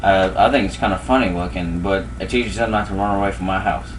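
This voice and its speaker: A man's voice: low-pitched, fairly even intonation, fast talker, far from the mic, slight background noise, lightly acted, poor audio. An amateur actor playing an unrepentant, cat-obsessed male thief who talks in a matter-of-fact, rambling way.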